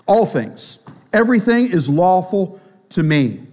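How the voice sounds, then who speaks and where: A man with a high, bright-pitched voice preaching a sermon in a casual, talky way. He keeps checking in with his listeners and slips into the voices of the people he quotes. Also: big pitch swings, a little slow. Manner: conversational preaching with frequent tag questions; acts out quoted voices of both sides. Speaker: pastor.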